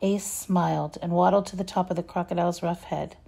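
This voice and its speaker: Lady reading a kids' storybook, mellow, kinda breathy. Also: on the low side, steady tone, brisk. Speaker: reader.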